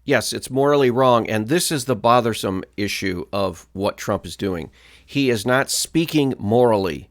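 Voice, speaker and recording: A man's voice: fairly low pitch, moderate pace. A male pastor giving political commentary in a firm, blunt, moralizing way.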